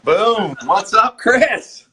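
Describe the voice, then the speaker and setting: A man's voice: high voice, expressive, drawn-out words, sharp tone, breathy edge. A man joining a live stream from a studio over a call, talking in a laid-back, casual way.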